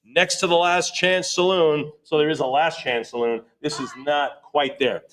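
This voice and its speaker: A man's voice: a little high, fairly even intonation, a bit bright. A man working as an auctioneer at a live sale, chanting bids over and over and dropping playful asides between the numbers. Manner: rapid repetitive bid chant with joking asides. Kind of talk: live auction bid calling.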